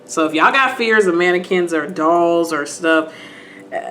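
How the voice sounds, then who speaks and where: A woman vlogger retelling a TV episode to her viewers in a casual, animated way while doing her makeup. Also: fairly low pitch, unhurried, slight background noise. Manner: animated, talks to viewers, acts out scenes.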